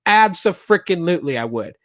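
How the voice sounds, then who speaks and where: A man's voice: high voice, sing-song, brisk, fairly bright tone, no room sound, clean studio sound. A man hosting a casual solo podcast, telling stories in a rambling way full of fillers and restarts, and acting out what customers said. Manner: acts out quoted customers and reps. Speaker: podcast host.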